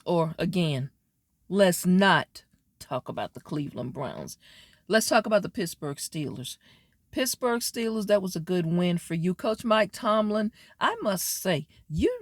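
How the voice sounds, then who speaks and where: A woman doing a casual sports wrap-up, sassy and animated, talking straight at teams and players. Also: fairly low pitch, no room sound, studio quality. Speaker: sports commentary vlogger.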